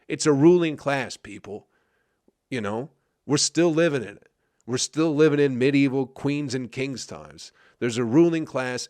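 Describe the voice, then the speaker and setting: A man's voice: mid-range voice, dry recording, clean studio sound. A man from Flint, Michigan, hosting his comedy podcast, ranting and swearing constantly and often asking "you know what I mean, people?". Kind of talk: profane ranting monologue.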